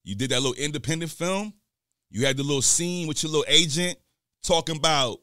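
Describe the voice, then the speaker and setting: A man, a podcast host telling stories in casual talk and acting out quoted dialogue in loud bursts. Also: fairly high pitch, expressive, brisk, no room sound, clean studio sound. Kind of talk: casual storytelling.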